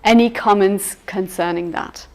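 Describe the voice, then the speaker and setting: A woman leads a university seminar over a video call, explaining at an easy conversational pace. She fills pauses with ums and often restarts her sentences. Her voice sits at a middling pitch. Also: fairly even intonation, darkish tone. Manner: conversational, many fillers and self-corrections. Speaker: university lecturer. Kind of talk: seminar lecture with discussion.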